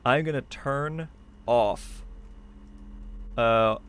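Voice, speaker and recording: Male game streamer, mid-pitched, eager and chatty, thinking aloud as he plays; desk mic at home. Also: drawn-out words, a bit bright, smooth. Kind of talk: live gameplay commentary. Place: hot room at home.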